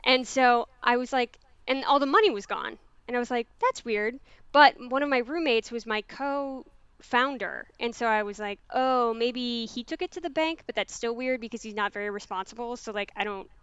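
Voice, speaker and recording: A woman tells a story in a lively, casual way, dropping swear words and fillers. Her voice sits fairly high and sounds smooth. The recording is dull and dry. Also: normal speed, no room sound. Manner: animated, swears freely, many "like" fillers.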